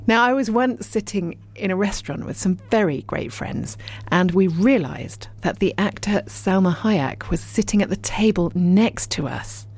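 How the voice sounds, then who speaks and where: A woman's voice: mid-range voice, animated, normal speed, breathy edge. Bubbly woman presenting local radio. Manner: bubbly, chatty, warm asides. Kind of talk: chatty local radio show. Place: radio studio. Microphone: studio microphone.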